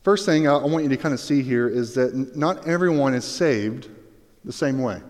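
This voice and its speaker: A man preaching a sermon as pastor, telling the scene with lively, acted-out storytelling. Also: medium pitch, normal speed. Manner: animated storytelling, acts out Bible scenes. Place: church sanctuary. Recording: long reverb of a hall.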